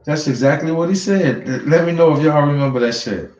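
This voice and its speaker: A man's voice: fairly high pitch, a little fast, a little mellow. A man giving casual commentary straight to his viewers, emphatic and repetitive, swearing freely as he presses his points. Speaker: online news commentator. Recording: roomy, dull lo-fi sound.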